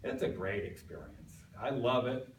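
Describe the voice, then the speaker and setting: With a mid-range voice, lively intonation and a normal pace, a man tells stories in a folksy prepared speech to a club. He's recorded from afar in an echoey meeting room, with a little hiss or hum.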